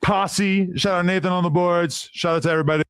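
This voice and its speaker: A man's voice: high voice, fairly even intonation, brisk, fairly bright tone, smooth, no echo, clean studio sound. A man hosting a podcast in casual chat, defending his past remarks with long, careful explanations. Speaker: podcast host. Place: studio in California.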